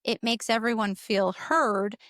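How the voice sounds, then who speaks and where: A woman's voice: a little high, measured pace, fairly bright tone, no echo, clean studio sound. A woman co-hosting a parenting podcast in casual talk, direct and emphatic, jumping in to add points. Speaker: podcast co-host.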